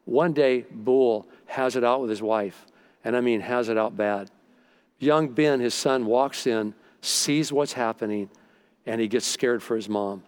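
A man's voice: medium pitch, measured pace, darkish tone, smooth. A middle-aged male pastor preaching a sermon. He tells stories and acts out what people said. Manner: storytelling, acts out quoted dialogue.

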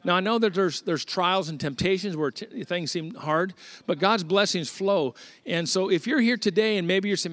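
A man preaching a sermon as a visiting pastor, telling stories in an animated, conversational way. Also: high-pitched, normal speed, no room sound.

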